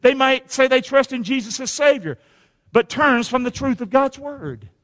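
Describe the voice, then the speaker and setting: A male pastor delivers an emphatic sermon, pausing to have the congregation repeat lines back to him. His voice sits high for a man. It rings out with the long reverb of a church sanctuary. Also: a bit bright.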